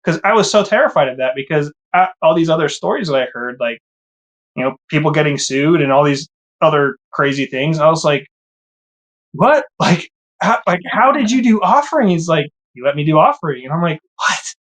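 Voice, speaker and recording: A man telling his own story in a casual, animated way, acting out his past thoughts with sudden rises in pitch. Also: brisk.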